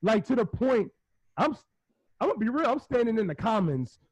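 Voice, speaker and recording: A middle-aged man co-hosting a podcast, telling rambling, animated stories in casual chat, laughing often and acting out what people said. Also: high-pitched, fairly quick, slightly rough, dry recording. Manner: animated, rambling storyteller who laughs often and acts out quotes. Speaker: podcast co-host. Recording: dry, slightly muffled podcast recording.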